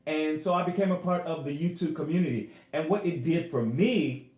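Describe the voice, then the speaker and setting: A man speaks earnestly to his viewers on a casual home live stream, his voice sitting a little high. He gets emotional and animated as he calls out to them as y'all. The webcam sound carries a noticeable room echo. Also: fairly quick. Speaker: YouTuber and singer.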